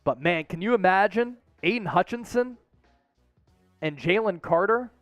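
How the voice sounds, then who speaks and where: An excitable man with a high voice hosts a live sports stream and talks straight to the viewers in the chat. The sound is dry, and faint music plays underneath. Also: a little slow, no echo. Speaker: host of a live draft stream.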